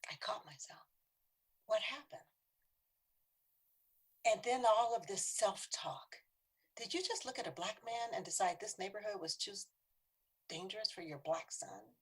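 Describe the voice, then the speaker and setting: Middle-aged woman, husky storyteller, dramatic delivery with whispered emphasis. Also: mid-range voice, animated, a little slow, pauses often. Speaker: speaker on bias. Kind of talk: personal storytelling talk.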